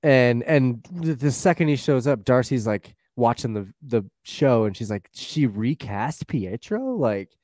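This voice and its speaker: A man's voice: medium pitch, moderate pace, hardly any pauses, dry recording, clean studio sound. A man chatting casually about a TV series, retelling scenes and acting out lines. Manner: animated, acts out quotes from scenes. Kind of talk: casual chat about a TV show.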